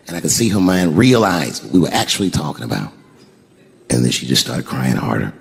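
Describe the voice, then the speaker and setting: A middle-aged man doing stand-up storytelling on stage, shouting some punchlines high. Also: animated, brisk, vocal fry, husky. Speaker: stand-up comedian. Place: stage before a live audience. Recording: noisy live stand-up room. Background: audience laughter.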